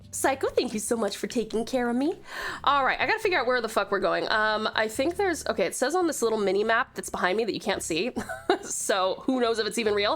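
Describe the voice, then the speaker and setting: A woman's voice: sits high, a bit bright. A woman from Tasmania, streaming a game, gushing over her chat with pet names and swearing freely. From Tasmania, Australia. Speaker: VTuber streamer.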